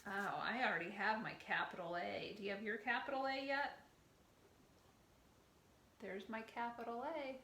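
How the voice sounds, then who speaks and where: A middle-aged woman leading a circle time lesson for young children, gentle and encouraging, praising each child by name. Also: medium pitch, steady tone, normal speed, long pauses. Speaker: preschool teacher. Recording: echoey room with faint ambient noise.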